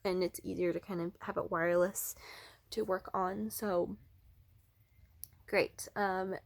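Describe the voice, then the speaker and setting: A young woman talking casually at home, chatty and bubbly, with many fillers and some hushed asides. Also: lowish voice, flat delivery, slow, gravelly, no room sound. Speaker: vlogger and art teacher. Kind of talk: casual vlog chat. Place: indoors at home, in a bedroom.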